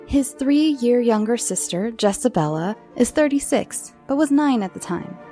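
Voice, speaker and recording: Here a storyteller host with a slightly high, lively, dark-toned voice reads a scary bedtime tale for children. Her pace is slow and theatrical, with occasional dips into whispers, and faint music sits in the background.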